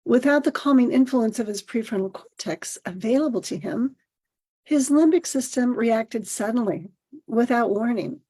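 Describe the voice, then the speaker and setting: A middle-aged woman hosting a podcast, reading a personal essay aloud in a gentle, measured storytelling manner. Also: on the high side, husky. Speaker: podcast host.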